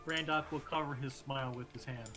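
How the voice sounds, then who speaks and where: A man playing his character in a tabletop game, speaking in a hesitant, measured way. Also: medium pitch, steady tone, pushed and bright, soft background music. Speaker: player. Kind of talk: casual tabletop play.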